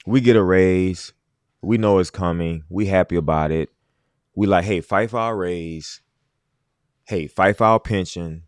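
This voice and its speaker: Low-voiced man hosting a livestream. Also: unhurried, clean tone, dry recording, clean studio sound. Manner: emphatic, repeats his points. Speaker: livestream host. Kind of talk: casual livestream commentary.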